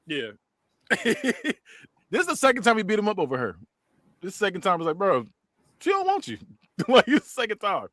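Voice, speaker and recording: A man's voice: very animated, normal speed, long pauses, bright, forceful tone, no echo, studio quality. A man, hosting a podcast and casually recapping a movie, laughing often and acting out the lines. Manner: laughs often, acts out quotes with big pitch jumps. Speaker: podcast host. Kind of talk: casual movie review chat.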